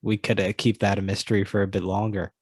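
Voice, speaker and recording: A man's voice: fairly low pitch, level tone, fast talker, slightly rough, no echo. A man co-hosting a casual movie podcast, teasing his partner with mock-hype banter. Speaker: podcast co-host. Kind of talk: casual chat.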